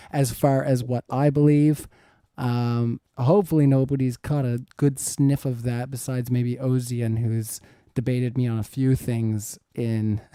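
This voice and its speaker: Moderating a live-streamed debate, a man in his thirties reads out viewer questions with a relaxed, meandering style, frequently chuckling. His mid-range voice is mellow, clear and resonant, recorded at studio quality with no room sound.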